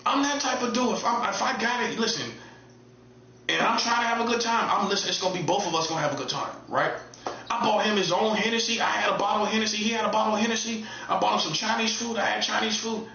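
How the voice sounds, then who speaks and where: A man talks in a casual, emphatic monologue, repeating points in street slang. His voice sits fairly high and sounds bright and forceful. The recording is echoey and a little dull. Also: fast talker, slight background noise. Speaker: online preacher.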